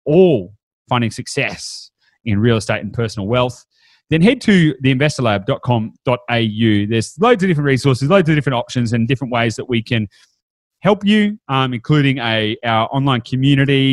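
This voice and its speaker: A man's voice: medium pitch, animated, a little fast, no echo. A man hosting a podcast, chatting upbeat with fillers and restarts. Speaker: podcast host. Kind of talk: casual podcast chat.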